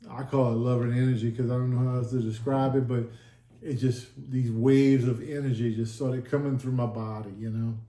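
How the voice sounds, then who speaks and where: A man's voice: medium pitch, mellow. A man telling his testimony in a casual sit-down talk, earnest and emotional, acting out the dialogue he recalls. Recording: echoey room.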